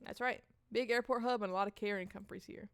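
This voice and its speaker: A woman's voice: medium pitch, fairly even intonation, fast talker, fairly bright tone, clear, resonant tone, no room sound, lightly acted. A woman voicing a businesslike woman sales executive in a dating game, talking matter-of-factly.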